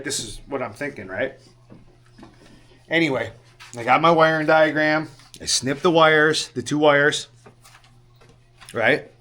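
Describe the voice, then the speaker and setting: A man with a slightly high, sharp voice tells a story slowly, pausing often. His telling is casual and rambling, laced with swearing and repeated "right?" check-ins, and he sounds sheepish and rueful.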